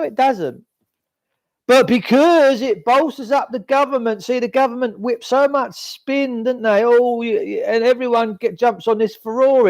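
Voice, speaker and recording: A man's voice: high-pitched, a little mellow, dry recording. A middle-aged man hosting a casual livestream, rambling and opinionated as he reads out and answers viewer comments. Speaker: livestream host.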